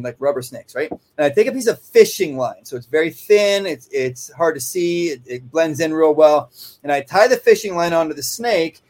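A man's voice: a little high, darkish tone. A man who trains dogs, talking casually and rambling, often tagging his sentences with "right?". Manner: rambling, conversational, frequent "right?" asides. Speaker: dog trainer. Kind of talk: casual instructional talk. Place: kennel office.

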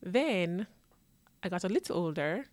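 A woman's voice: on the low side, measured pace, dry recording. A young woman born in New York and raised in Jamaica, hosting a casual solo podcast and chatting animatedly about herself. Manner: chatty and animated, acting out others' lines with laughs. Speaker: podcast host.

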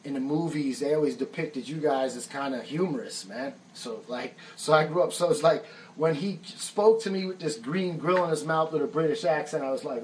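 A man's voice: on the high side, normal speed, hardly any pauses, distant mic, slight background noise, low-quality recording. An American musician and songwriter telling stories casually on a live stream, laid-back and profane, saying "man" often. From United States. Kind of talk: casual storytelling.

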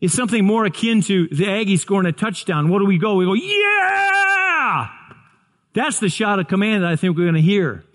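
A man's voice: high-pitched, quick pace, hardly any pauses. A man preaching a sermon, earnest, often repeating and restarting words. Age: 60s. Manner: earnest, stumbling restarts, builds to excited shouts. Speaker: pastor.

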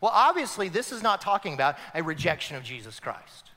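A male pastor preaches in a bright, forceful voice that sits a little high. He swings from loud, emphatic climaxes to hushed passages, and his words ring out through the long echo of a large hall. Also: big pitch swings, brisk. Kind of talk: preaching a sermon.

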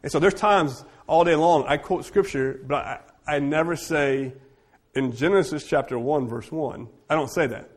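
A man who is a teacher, leading a church group discussion and telling stories in an animated, joking way. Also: fairly high pitch. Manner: animated, jokey storyteller with quick asides. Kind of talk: casual group discussion with storytelling.

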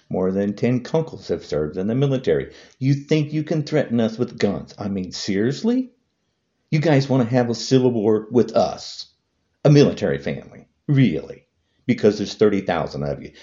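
A man's voice: warm tone, highs cut off. A man delivering an angry political rant to camera, hurling repetitive insults. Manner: heated, repetitive insults, voice swinging high and low. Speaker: vlogger.

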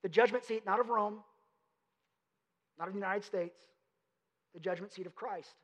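High-voiced pastor preaching in a reverberant hall. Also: male voice, normal speed, fairly bright tone. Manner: conversational, emphatic preaching with rhetorical questions. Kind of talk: sermon. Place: church sanctuary.

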